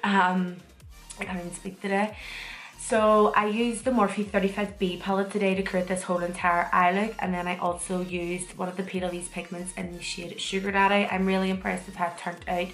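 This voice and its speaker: A young Northern Irish woman talks through a makeup tutorial, her voice stuffy and congested from a cold. She speaks in a low, flat, even tone, chatty and full of little fillers. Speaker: makeup vlogger.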